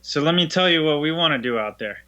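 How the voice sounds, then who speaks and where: A man speaking as a guest in a casual chat, in a relaxed, easygoing way. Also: a little high, quick pace. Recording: dull lo-fi sound.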